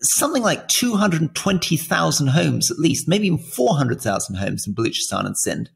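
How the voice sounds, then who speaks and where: A man's voice: a little high, big pitch swings, normal speed, gravelly. A British man co-hosting a political podcast, explaining world affairs in an earnest, conversational way. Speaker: podcast co-host. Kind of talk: casual political chat.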